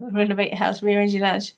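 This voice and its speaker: A woman's voice: mid-range voice, monotone, normal speed, gravelly, lo-fi sound. A middle-aged Australian woman hosting a live stream, chatting casually and rambling through funny stories with frequent laughter. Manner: chatty, rambling storyteller who laughs often.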